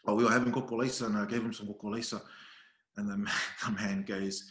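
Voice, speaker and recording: A man with a fairly low pitch and brisk pace, speaking in an Australian accent, chats casually as a podcast guest and video creator. He laughs as he tells stories, doing animated voices when quoting people, and the sound is roomy.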